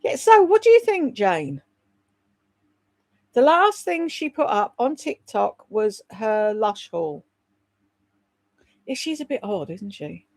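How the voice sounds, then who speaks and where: Reading viewer comments aloud and answering them by name, a woman hosts a casual gossip livestream where she swears freely and speaks bluntly. Her voice is on the high side with a darkish tone, and the recording is dry.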